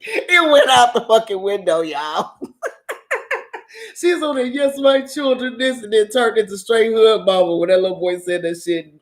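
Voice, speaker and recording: A woman, casually telling a story to her channel, profane and animated and often laughing. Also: mid-range voice, measured pace, pauses often. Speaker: channel host.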